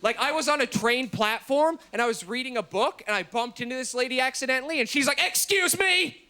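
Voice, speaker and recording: A man in his thirties performing a stand-up comedy set with dark, deadpan jokes, muttering his asides and shouting his punchlines. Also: fast, clear, resonant tone. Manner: drops to a low mutter for asides. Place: comedy stage before a live audience.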